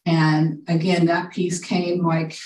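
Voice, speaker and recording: A woman sharing a personal faith testimony, halting, with fillers and restarts. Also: on the low side, little pitch movement, a little mellow. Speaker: prayer group member sharing a testimony. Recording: echoey room, from a distance.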